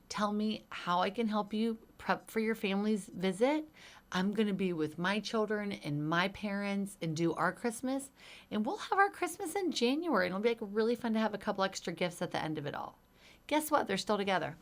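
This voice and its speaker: A woman co-hosting a casual podcast, telling stories in a lively way, acting out quotes and using lots of "like" and "um". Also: mid-range voice. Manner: animated storyteller, lively acted-out quotes; many fillers like "like" and "um". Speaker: podcast co-host, hairstylist.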